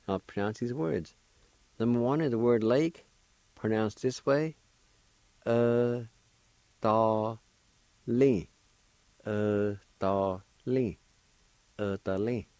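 A man hosting a radio language lesson, spelling each word letter by letter and then pronouncing it slowly and patiently. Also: mid-range voice, warm tone, no echo. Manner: encouraging. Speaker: language teacher and radio host.

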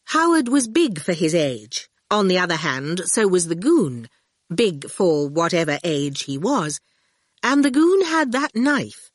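A woman narrating an audiobook in an expressive storytelling manner, close to the mic. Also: fairly low pitch, unhurried, no echo.

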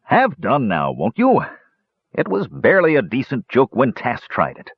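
A man voicing a grumpy, skeptical old male dwarf who speaks in a gruff, scoffing way. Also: mid-range voice, huge pitch swings, measured pace, dry recording, pitched above the performer's own voice, exaggerated voice. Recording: dull lo-fi recording.

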